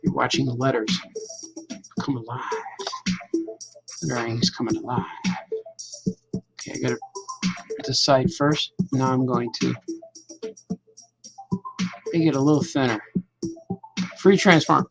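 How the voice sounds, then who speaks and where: A man's voice: mid-range voice, steady tone, a little slow, creaky, pauses often. A cartoonist chatting casually on a live stream as he draws, muttering and joking with his viewers. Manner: mutters along while drawing, joking with chat. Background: music.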